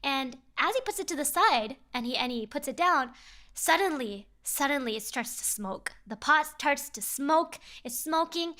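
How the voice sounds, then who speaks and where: A woman's voice: high voice, lively intonation, moderate pace, sharp tone. A young woman streamer telling a story in a casual, rambling way, often repeating herself.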